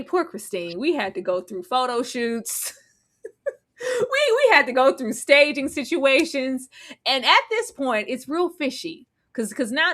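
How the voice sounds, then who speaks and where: An animated woman co-hosting a casual live recap chat. Her voice sits a little high, and she bursts into dramatic quoted voices as she tells the story. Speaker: co-host.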